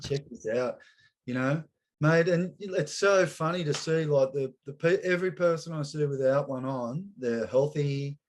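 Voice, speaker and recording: A man's voice: on the high side, normal speed. A man hosting a casual chat, laid-back and matey. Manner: laid-back, matey, calls guest mate and brother. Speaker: podcast host.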